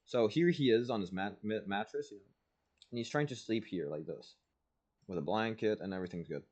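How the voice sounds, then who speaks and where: A young man streaming, telling a story casually and animatedly, jumping between loud bursts and low asides, full of "like". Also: a little fast. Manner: casual, peppered with "like" and "blah, blah".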